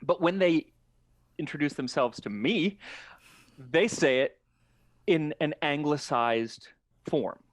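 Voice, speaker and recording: A man's voice: fairly high pitch, slow, pauses often, no echo, clean studio sound. A man talking on a podcast in casual chat, explaining his views in a thoughtful way. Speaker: podcast guest.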